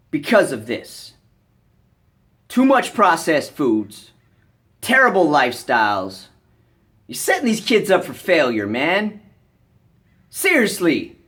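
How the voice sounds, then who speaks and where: Profane, scolding American vlogger. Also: mid-range voice. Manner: profane, blunt, scolding, bursts of shouting. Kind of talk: angry rant to camera.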